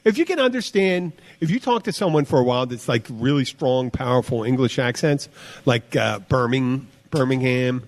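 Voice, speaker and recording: An American man co-hosts a casual podcast chat in a mid-range voice, animated and at a moderate pace. He rambles, drifts off mid-thought, and leans on fillers.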